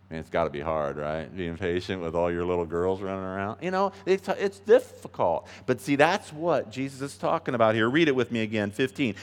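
Earnest male pastor preaching in a reverberant hall. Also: lowish voice. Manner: earnest, emphatic, swings between soft asides and loud stresses. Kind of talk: sermon.

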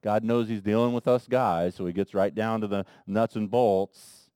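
A man preaching a sermon in a conversational way, talking straight to the men in the room and swinging between soft asides and loud emphasis. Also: on the low side, steady tone, moderate pace, no echo, clean studio sound. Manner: conversational, addresses men in the congregation directly. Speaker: pastor.

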